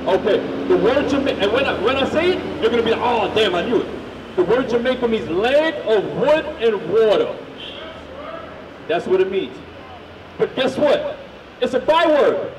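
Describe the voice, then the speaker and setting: A man street preaching, loudly firing questions at the crowd and drilling his points home. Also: high-pitched, expressive, moderate pace, noisy background. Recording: echoey, from far off.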